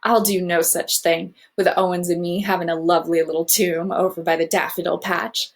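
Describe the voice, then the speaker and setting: A woman reading the part of a plain-spoken ghost mother from long ago, homely and old-fashioned with a country manner. Her voice sits fairly low and speaks directly in a storybook reading. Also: flat delivery, moderate pace. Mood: firm.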